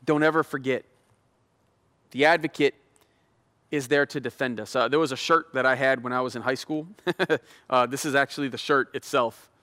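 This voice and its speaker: A man's voice: medium pitch, fairly even intonation, fairly quick, pushed and bright. A middle-aged male pastor giving a sermon, chatty and self-deprecating, building into fervent prayer. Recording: long hall reverb.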